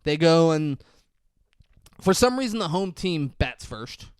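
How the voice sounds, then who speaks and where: A man co-hosting a podcast, recapping a movie in a profane, animated way. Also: fairly high pitch, a little slow, smooth, no echo, studio quality. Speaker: podcast co-host. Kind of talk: casual movie recap chat.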